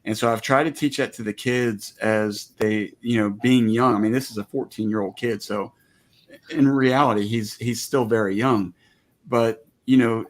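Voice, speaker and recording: A man's voice: mid-range voice, steady tone, normal speed. A man guest in a casual chat, talking about farm life in an earnest, reflective way. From American. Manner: earnest, reflective, faith-minded talk. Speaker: guest homesteader.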